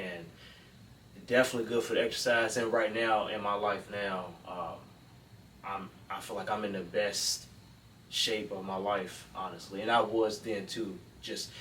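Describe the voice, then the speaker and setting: Low-voiced man, roomy distant sound. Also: a bit bright. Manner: halting, with many fillers and repeats. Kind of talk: casual chat. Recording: roomy, distant mic with faint noise.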